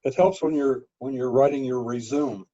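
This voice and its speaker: A man's voice: mid-range voice, normal speed, mellow, dull audio. A man taking part in an online workshop, making brief friendly remarks and asking questions. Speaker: workshop participant. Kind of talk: casual chat.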